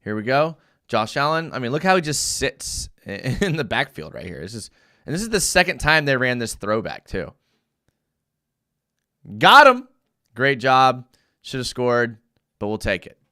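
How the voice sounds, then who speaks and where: A young man breaks down game film on his live fan show, reading viewer comments aloud in a medium-pitched voice at a normal speed. He's animated and gets worked up easily.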